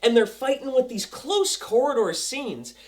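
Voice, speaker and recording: Young male TV reviewer, casual and excitable, acts out the action with sound effects. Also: very high voice, measured pace. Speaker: TV episode reviewer.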